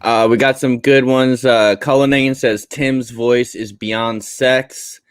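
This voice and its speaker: A man's voice: mid-range voice, fairly even intonation, slow pace, clear, resonant tone, dry recording. Guy reading chat comments out, dead dry sound, lots of uh and um. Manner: hesitant, dry, filler-heavy. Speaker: chat reader.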